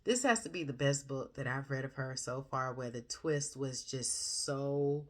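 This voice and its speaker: Very deep-voiced woman, chatty book reviewer. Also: measured pace. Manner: rambling, chatty, with frequent fillers and self-corrections; animated, gushing and expressive. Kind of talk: casual book review chat.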